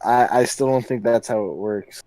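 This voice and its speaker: A young man co-hosting a podcast, delivering dry deadpan jokes with hesitant stops and restarts. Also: mid-range voice, normal speed, poor audio. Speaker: podcast co-host. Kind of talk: casual chat.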